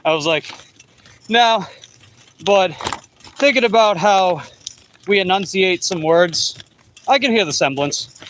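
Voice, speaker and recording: A middle-aged man with a Long Island New York accent vlogs about delivery riding from his e-bike on the road, chatting casually, reading viewer comments out loud, and rambling with restarts. His high, a-bit-bright voice has lively intonation and a measured pace broken by long pauses, with a little hiss or hum.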